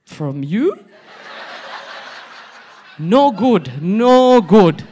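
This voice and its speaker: A man doing a scoffing, sharp-tongued wife. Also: sits high, wildly swooping pitch, drawn-out words, slight background noise, voice pushed up, heavily acted. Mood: scornful. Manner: broken English, scoffing.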